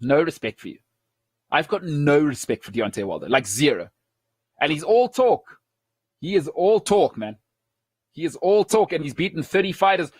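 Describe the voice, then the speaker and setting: A man hosting a sports talk show, speaking forcefully with emphatic repeats and frequent restarts. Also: fairly high pitch, no echo. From South Africa.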